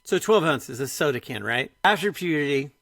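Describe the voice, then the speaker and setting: A middle-aged man hosting a podcast, chatting casually and retelling conversations in an animated way, full of "like". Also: on the high side, normal speed, no echo, clean studio sound. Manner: animated storyteller, retells dialogue, frequent "like". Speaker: podcast host.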